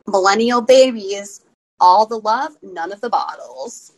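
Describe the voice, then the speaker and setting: A woman's voice: medium pitch, takes it slowly, slight background noise, poor audio. A young woman co-hosting a podcast, teasing her co-host in casual chat. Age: young adult. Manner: teasing, wry.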